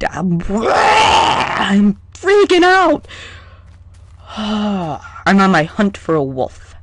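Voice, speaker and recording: A let's play gamer giving casual gameplay commentary in a hyper, excitable way, chatting to the creatures in the game. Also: mid-range voice, no room sound.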